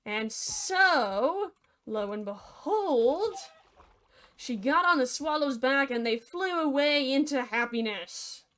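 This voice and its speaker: A woman's voice: sits high, a bit bright. A young woman narrating a fairy tale with comedy, sarcastic and playful, slipping in mock-cheerful asides. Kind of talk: comedic storytelling over a game video.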